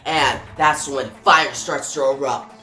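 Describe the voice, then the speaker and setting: A man's voice: mid-range voice, steady tone, measured pace, bright, forceful tone. A man recapping a comic book issue scene by scene, voicing the sound effects. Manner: plain retelling, voices sound effects. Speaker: comic reviewer. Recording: roomy echo, faint music.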